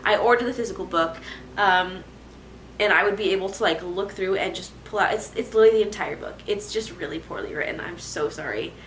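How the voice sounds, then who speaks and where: A young woman vlogging casually at home, talking candidly and with animated asides. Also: mid-range voice, fairly quick, roomy sound, a little hiss or hum, low-quality recording. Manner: candid, animated, self-deprecating. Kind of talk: casual chat to camera. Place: home living room.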